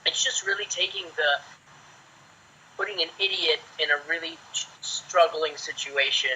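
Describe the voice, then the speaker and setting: A man in his forties, an actor guest, telling chatty, lively anecdotes in a casual way. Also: a little high, normal speed, a little hiss or hum. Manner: lively, chatty, acts out quotes. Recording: dull lo-fi sound.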